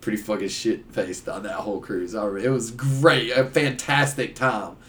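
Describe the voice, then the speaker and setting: A man telling rambling, animated stories in casual chat, full of fillers. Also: fairly low pitch, normal speed, far from the mic. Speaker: guest. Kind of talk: casual storytelling.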